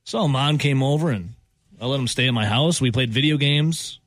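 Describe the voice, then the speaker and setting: A man, hosting a sports talk show and telling stories with lively acted-out quotes and frequent laughter. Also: mid-range voice, a little fast, no room sound. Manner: animated storyteller, acts out quotes, laughs often. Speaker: radio host. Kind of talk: casual sports talk banter.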